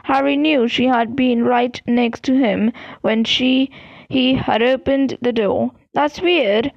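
A woman's voice: fairly high pitch, steady tone, slow, vocal fry, no echo. A woman reading a novel aloud, sometimes stumbling and restarting words. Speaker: reader. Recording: dull, dry lo-fi recording.

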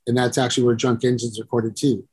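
A man's voice: medium pitch, little pitch movement, quick pace, a little mellow, slightly rough. A middle-aged man, a musician and producer, telling long profane stories and acting out the people in them. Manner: rambling and profane, acts out voices, keeps saying "you know". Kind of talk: casual storytelling interview.

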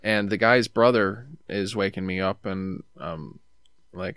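A man's voice: lowish voice, unhurried, fairly bright tone, smooth, no room sound, clean studio sound. A man telling a long travel story in a rambling, laid-back way, acting out what people said to him. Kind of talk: casual storytelling.

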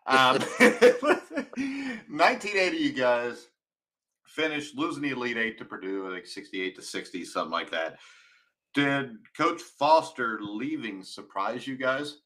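A man's voice: mid-range voice, very animated, measured pace, bright, forceful tone. A man hosting a casual podcast interview, joking along with his guest and asking questions. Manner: loose and joking, asks questions. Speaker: podcast host.

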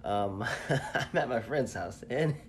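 A man co-hosting a podcast, telling a personal story in a casual, halting way. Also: mid-range voice, lively intonation, a little hiss or hum. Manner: storytelling, halting with fillers and restarts. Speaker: podcast co-host. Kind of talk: casual chat.

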